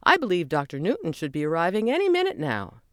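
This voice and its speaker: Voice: medium pitch, wildly swooping pitch, quick pace, a bit bright, dry recording, clean studio sound, voice pushed up. A narrator voicing a proud, upbeat male librarian who leads a group of kids, in a storybook reading. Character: proud male librarian leading a kids' club.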